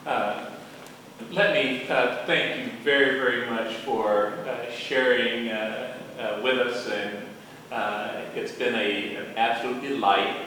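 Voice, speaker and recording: A man's voice: mid-range voice, fairly bright tone. A man interviewing for an oral history, speaking formally with many hesitations. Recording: echoey room, mic at a distance, faint hiss.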